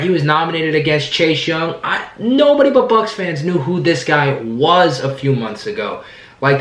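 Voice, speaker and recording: Sitting in an indoor room with echo, a male sports fan hosts a casual sports vlog. His hoarse voice is on the high side, and his commentary is excited and rambling, with sentences often restarted.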